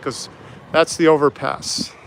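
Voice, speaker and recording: Out walking on a city street, a middle-aged American streamer chats in a friendly, rambling manner, talking right to his viewers and reading their comments aloud. His voice is fairly high and level, unhurried, with vocal fry. Street and traffic noise can be faintly heard.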